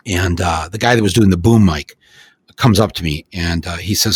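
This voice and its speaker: An older man hosting a podcast, telling stories in an animated way with many restarts. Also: low-pitched, normal speed, slightly rough. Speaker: podcast host. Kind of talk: casual podcast conversation.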